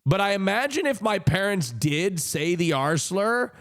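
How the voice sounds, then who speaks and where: A young man streaming, telling a rambling casual story with sudden high joking outbursts. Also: animated, a little slow, fairly bright tone, faint music behind.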